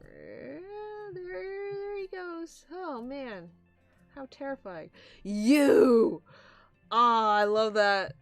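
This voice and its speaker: Young woman, casual comic read-along host, animated, slow unhurried delivery, dry close sound. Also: high voice, no echo, soft background music. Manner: animated, excitable, mixes reading with comments. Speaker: comic reader.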